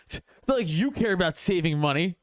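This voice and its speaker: Smooth-voiced man telling a story. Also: high voice, fairly quick, no echo, clean studio sound. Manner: animated storytelling, acts out quoted voices, laughs often. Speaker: podcast co-host. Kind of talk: casual chat.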